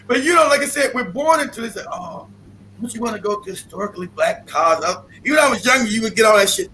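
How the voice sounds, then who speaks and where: A man's voice: very high voice, pushed and bright, slight background noise, rough recording. A man hosting a podcast, talking in a casual, profane and mocking rant and laughing often. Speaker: podcast host.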